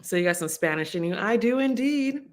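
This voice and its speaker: A woman's voice: mid-range voice, expressive, a little fast. A woman hosting a casual livestream chat, giggly and scattered, rambling from thought to thought. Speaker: livestream host.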